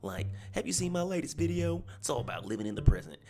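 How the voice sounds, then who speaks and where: A man's voice: on the high side, big pitch swings, quick pace, pitched above the performer's own voice. A man reading out the lines of a laid-back young female chatbot, with music playing behind him. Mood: breezy. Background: background music.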